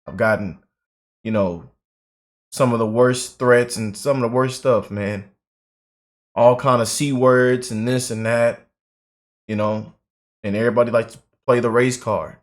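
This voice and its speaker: A man's voice: medium pitch, steady tone, a little slow, long pauses. A man hosting a political commentary channel, emotional and repetitive, filling his talk with "man" and "you know".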